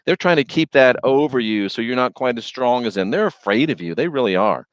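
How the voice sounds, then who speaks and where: A man's voice: medium pitch, expressive, a little fast, no room sound, natural voice, low-quality recording. A man voicing a sly male snake tempter who coaxes in a confiding, slangy way.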